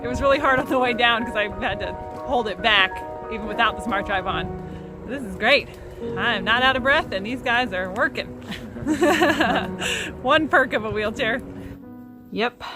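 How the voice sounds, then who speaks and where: Woman, young adult, casual travel vlog, upbeat chatty delivery, self-filmed on a handheld camera, faint music underneath. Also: medium pitch. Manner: chatty, upbeat, laughs often. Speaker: vlogger. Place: outdoors and in a cabin. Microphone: handheld camera, self-filming.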